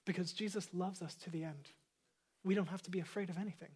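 A man preaching a sermon as pastor, earnest, repeating key phrases and moving between emphatic lines and hushed ones. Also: high-pitched, fairly even intonation, quick pace, breathy edge.

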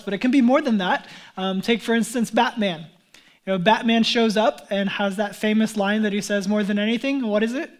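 Chatty pastor preaching a relaxed sermon. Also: male voice, sits high. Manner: relaxed and chatty, with frequent fillers and restarts; addresses the congregation as beloved. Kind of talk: conversational sermon.

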